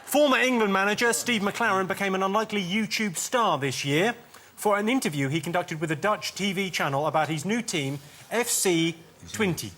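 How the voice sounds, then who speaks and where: A man's voice: sits high, normal speed, pushed and bright. Dry-joking male quiz host. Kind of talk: comedic quiz hosting. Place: TV studio with audience. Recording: studio audience and noise.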